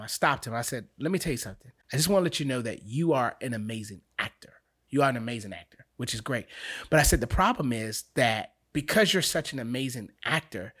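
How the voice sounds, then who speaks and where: A man speaks as an acting coach in a relaxed interview. He explains things through repetition and examples, with lively energy. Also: mid-range voice, breathy edge. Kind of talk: casual interview chat.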